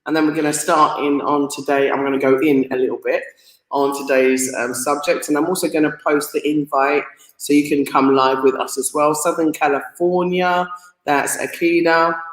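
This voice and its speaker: Woman, live stream host, chatty and excitable, reads out viewer comments, roomy echo. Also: sits low, moderate pace. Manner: chatty and excitable, laughs often, stumbles over names. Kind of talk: casual live stream chat.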